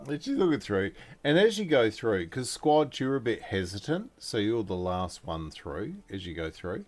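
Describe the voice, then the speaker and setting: A man narrating a tabletop role-playing game as game master, in an animated, unhurried storytelling manner. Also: fairly low pitch.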